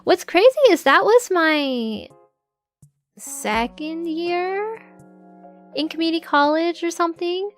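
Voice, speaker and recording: A woman's voice: very high-pitched, moderate pace, few pauses, faint music behind. A young adult woman chatting casually to her live-stream audience, giggling often and filling her talk with "like". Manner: chatty, giggly, full of filler "like"s.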